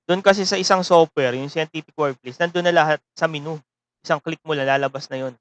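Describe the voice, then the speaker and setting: A man's voice: on the high side, fast, muffled recording. A man with a Filipino accent lecturing an online seminary math class, rambling and tagging phrases with a questioning "no?". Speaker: seminary mathematics teacher.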